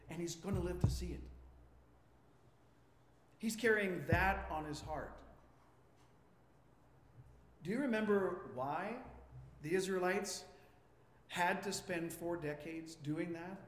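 A male pastor in mid-sermon, quizzing the congregation and acting out the lines he quotes. His voice sits high. The sound carries a long reverb from a large church hall. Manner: animated, asks the congregation questions; acts out quotes with rising voice. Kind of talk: interactive sermon.

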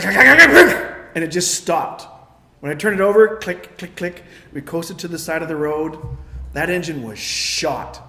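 Male pastor, middle-aged, high-pitched, animated storyteller, roomy sound. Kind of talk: sermon with personal story.

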